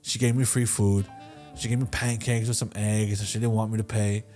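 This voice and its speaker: A man in his twenties talks through a story on a podcast, loose and casual, with swearing, "like" and false starts. He slips into quick imitations of the other people in his stories. Faint music plays underneath. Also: on the low side, flat delivery, dark tone. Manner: loose and profane, full of fillers and restarts. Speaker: podcast co-host answering listener questions.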